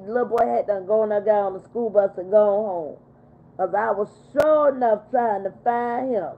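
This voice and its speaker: Indignant grandmother on a tinny livestream. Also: fairly high pitch. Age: older. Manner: animated, indignant storytelling with lots of emphasis. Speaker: livestream host. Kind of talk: casual livestream chat reading viewer comments. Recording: tinny phone-like audio.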